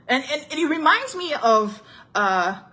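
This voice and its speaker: A woman's voice: high-pitched, big pitch swings, unhurried, bright, forceful tone. A young woman with a Cameroonian accent hosting a casual live-stream talk show. She greets commenters by name and moves easily between English and French, laughing often.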